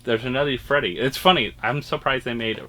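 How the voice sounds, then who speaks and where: A man's voice: mid-range voice, fairly quick, bright, forceful tone. A man hosting a collectibles unboxing, chatting casually and rambling with fillers. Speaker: collectibles channel host.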